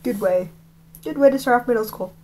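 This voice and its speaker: A woman's voice: fairly high pitch, brisk, darkish tone, a little hiss or hum. A woman reading a novel aloud on video and breaking off with chatty, mocking asides. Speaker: reader of a book on video.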